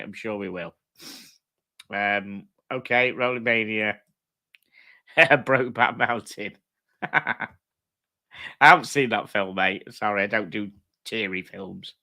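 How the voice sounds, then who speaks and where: This livestream host has a medium-pitched, bright voice with a forceful tone. Sitting at home with his dogs, he reads out comments and trades swearing, blokey banter with his audience, laughing often.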